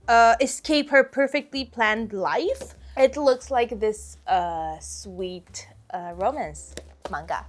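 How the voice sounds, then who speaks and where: A woman vlogging a casual book haul, bubbly and giggly, gushing with excitement. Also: high voice.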